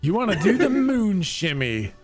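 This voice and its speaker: A man's voice: sits high, big pitch swings, moderate pace, faint music behind. A man running a tabletop game as game master, laughing often and improvising with lots of fillers.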